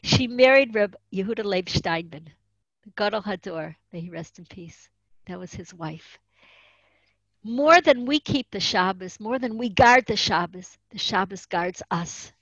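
A woman teaching Jewish tradition in an earnest voice, explaining Hebrew terms as she tells stories. Her voice is at a medium pitch. The recording sounds dull and dry, with no room echo. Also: animated, a little slow, a bit bright. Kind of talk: religious lesson with storytelling.

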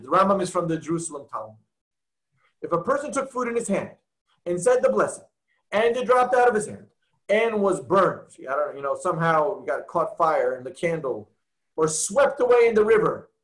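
A man's voice: sits high, rough recording. A man teaching a text-study class, explaining step by step, reading Hebrew and Aramaic terms aloud, and checking that his students follow.

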